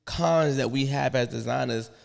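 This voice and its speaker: A man with a gravelly, fry-laden voice hosts a loose podcast chat, blunt and joking in street slang. His voice carries a long hall-like reverb. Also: medium pitch, moderate pace, a little mellow. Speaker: podcast host. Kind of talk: casual interview chat.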